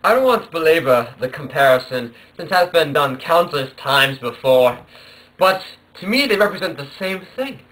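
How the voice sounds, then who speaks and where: A young man playing a pompous literary analyst with a fake accent, speaking in lofty, measured phrases. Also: on the high side, big pitch swings, a bit bright, poor audio. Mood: haughty. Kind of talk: mock talk-show acting.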